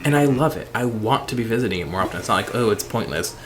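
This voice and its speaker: A sleepy man chatting casually and rambling while playing a game late at night, with sudden excited squeals. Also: mid-range voice, racing, crowd noise. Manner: rambling, self-deprecating, bursts of excited squeals. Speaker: streamer.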